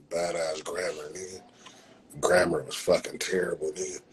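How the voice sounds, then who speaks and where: A man's voice: low-pitched, noisy background. A man hosting a livestream, ranting and roasting people in a profane, mocking way. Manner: profane, mocking, repeats "blood" as a filler. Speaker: livestream host. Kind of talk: casual roast rant on a livestream. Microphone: phone livestream mic.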